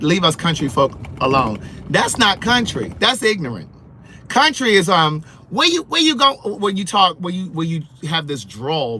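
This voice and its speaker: A man vlogging from his car, chatting in an animated, sassy way and answering comments, sounding sleepy. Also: a little high, slightly rough. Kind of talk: casual chat while driving. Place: in a car on the road. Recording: car road noise. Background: road noise.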